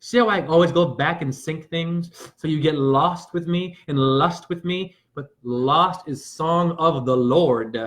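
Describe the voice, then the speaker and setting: A man, a self-styled spiritual teacher, giving a rambling livestream monologue that swings between shouting and muttering, preachy and full of loose wordplay. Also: a little high, unhurried, few pauses.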